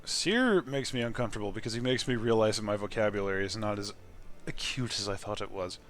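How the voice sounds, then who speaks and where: A young man streaming a game reaction, animated and laughing loudly between lines. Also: lowish voice, fast, soft background music.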